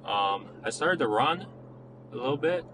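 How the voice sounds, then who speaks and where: A man's voice: mid-range voice, lively intonation, measured pace, background noise. A young man casually retelling a personal story, rambling with lots of fillers and criticizing himself.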